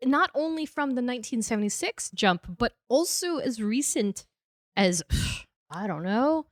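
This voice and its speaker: A woman co-hosting a podcast in relaxed chat. Her voice is a little high and very lively, full of quick asides. The sound is dry and close. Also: no echo. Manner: animated, laughs often, quick asides. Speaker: podcast co-host. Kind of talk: casual chat.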